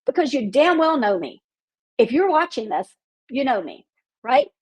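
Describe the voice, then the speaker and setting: A woman's voice: high-pitched, very animated, moderate pace, darkish tone, breathy edge. A woman hosting a marketing podcast, speaking bluntly with profanity and a fired-up, outspoken manner.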